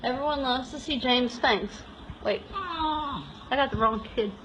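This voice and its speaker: A woman's voice: high-pitched, unhurried, reverberant, background noise. A woman giving a casual live tour of a cat shelter room, talking to the cats in a cooing, laughing way, filmed on a handheld phone. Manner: cooing baby-talk to cats, frequent laughs.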